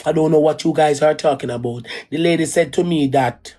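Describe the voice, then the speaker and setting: A woman's voice: sits low, a little fast, few pauses, dark tone. Jamaican woman ranting on her vlog, blunt, swears a lot, keeps repeating herself. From Caribbean. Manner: rambling and repetitive, restarts and repeats phrases. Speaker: vlogger. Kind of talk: casual storytelling rant.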